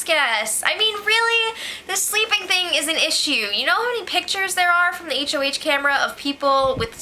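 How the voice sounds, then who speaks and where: A woman's voice: sits high, expressive, normal speed, pushed and bright, a little hiss or hum, poor audio. A young woman hosting a casual reality-show recap, chatty and sarcastic, with lots of "like.".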